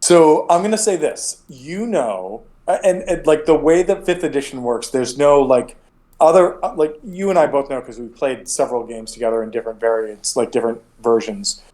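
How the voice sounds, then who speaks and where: Male game master, mid-pitched, loose and rambling delivery, keeps restarting sentences. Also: normal speed, warm tone. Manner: casual, rambling with frequent restarts. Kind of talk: narrating a tabletop game.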